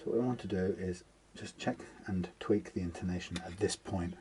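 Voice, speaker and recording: A man's voice: sits low, brisk, mellow. A man talking casually through a guitar setup in his workshop, rambling and muttering to himself as he works. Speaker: guitar technician. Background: guitar being plucked.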